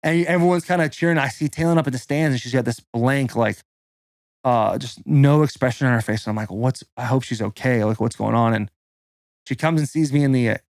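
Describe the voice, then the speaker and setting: A man's voice: mid-range voice, a little fast, no room sound, clean studio sound. A man in his thirties, a podcast host, telling a personal story in a loose, casual way, swearing and saying "like" constantly. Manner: loose and profane, full of "like" fillers.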